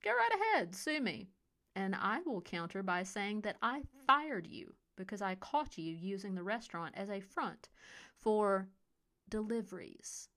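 A woman's voice: medium pitch, lively intonation, moderate pace, natural voice. A woman voicing a cold, scheming male resort boss with a Californian accent, smug and detached. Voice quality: icy, detached. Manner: smug, menacing, mocking. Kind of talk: audiobook character voice.

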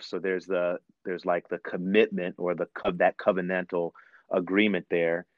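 A preacher describing a devotional practice in a reflective, unhurried way, with many fillers. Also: male voice, low-pitched, flat delivery, dry recording, dull audio. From Ohio. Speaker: guest preacher. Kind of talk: phone-in devotional talk.

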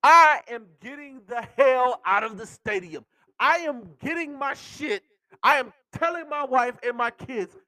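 A man hosting a podcast with a strikingly high voice that swings up and down in lively leaps. He rants about sports in an excitable way, cursing and laughing as he talks. The sound is dry and close. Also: a little slow, no echo. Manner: excitable, swearing, laughing while talking. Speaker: podcast host. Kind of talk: animated sports rant.

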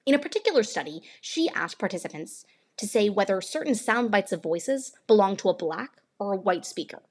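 A podcast host from Northern California delivers an earnest, explanatory scripted narration. Her medium-pitched voice is husky and animated, and she speaks briskly.

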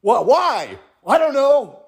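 A man's voice: extremely high pitch, takes it slowly. A man telling a story in a casual monologue, swearing freely and slipping into mock quotes. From United States. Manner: profane, animated ranting with mock quotes.

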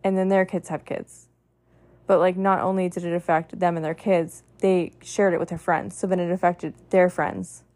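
A woman's voice: on the low side, flat delivery, moderate pace, darkish tone. A woman hosting a podcast, giving a heartfelt motivational monologue in an earnest way, stacking long lists and often saying "like". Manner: earnest, repetitive lists, frequent "like" fillers. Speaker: podcast host.

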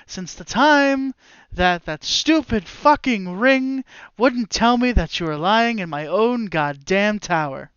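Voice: mid-range voice, expressive, normal speed, a bit bright, smooth, dry recording, muffled recording, natural voice. A game master voicing a scheming tower wizard who talks down to the party with menace and contempt. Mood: sneering.

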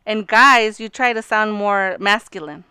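A woman's voice: mid-range voice, unhurried, pushed and bright, clear, resonant tone, dry recording. A woman, co-hosting a podcast in casual, teasing chat that slips Spanish into her English. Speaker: podcast co-host.

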